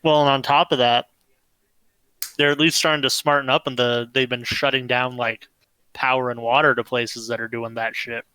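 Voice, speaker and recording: A man's voice: medium pitch, little pitch movement, normal speed, bright, forceful tone, clear, resonant tone, no room sound, rough recording. A man chatting casually and bluntly with friends on an online call. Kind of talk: casual chat.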